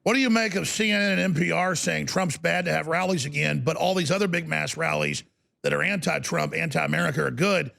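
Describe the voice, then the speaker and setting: Gravelly high-pitched talk show host. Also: male voice, animated, bright, forceful tone. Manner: emphatic, incredulous, fast-shifting delivery.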